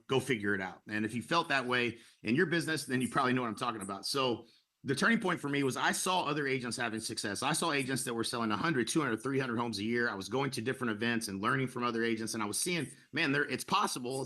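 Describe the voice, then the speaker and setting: A middle-aged man giving a persuasive sales webinar to real estate agents, energetic and full of fillers and restarts. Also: mid-range voice.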